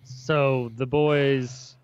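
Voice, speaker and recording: A man's voice: medium pitch, little pitch movement, drawn-out words, clear, resonant tone, dull audio. A man hosting a casual podcast, talking in a laid-back, rambling, slangy way. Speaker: podcast host.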